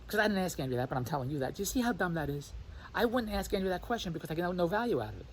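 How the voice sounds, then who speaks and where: Brisk animated male vlogger, rapid ranting delivery, faint noise behind. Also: high-pitched, rough recording. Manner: animated, repetitive, mimics others' voices. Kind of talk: rambling self-recorded monologue.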